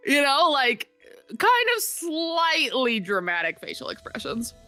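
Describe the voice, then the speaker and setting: Lively, bright woman player. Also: high-pitched, measured pace, no echo, soft background music. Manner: rambling, full of "like". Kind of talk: casual tabletop play.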